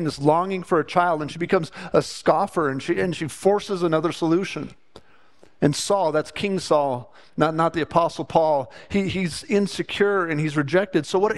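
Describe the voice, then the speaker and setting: A male pastor gives a sermon in his church. His voice sits somewhat high for a man. He talks earnestly and often doubles a word at the start of a phrase. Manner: earnest, repeats words when starting a thought.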